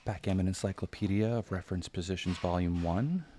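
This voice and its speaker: A man giving live game commentary in a hushed, near-whispered voice, thinking aloud about each move. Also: sits low, a little fast, slight background noise. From United States. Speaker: backgammon commentator.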